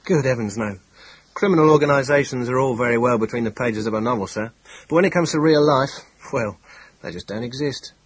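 A man reading an audiobook, voicing a calm, efficient male police inspector who speaks quietly, clearly and decisively. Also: mid-range voice, a little fast, dry recording, pitched above the performer's own voice, close to an everyday voice, low-quality recording. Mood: calm, matter-of-fact.

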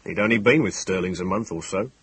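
A man reading an audiobook, voicing a big, wise, good-humoured police superintendent who speaks slowly and in an understated way. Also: low-pitched, a bit bright, breathy edge, no echo.

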